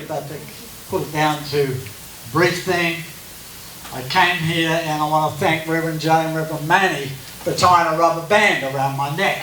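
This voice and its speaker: The clip has an Australian man with a slightly high, somewhat bright voice delivering a casual, humorous personal talk as a church gathering's guest speaker. Sound is distant and reverberant, with faint hiss.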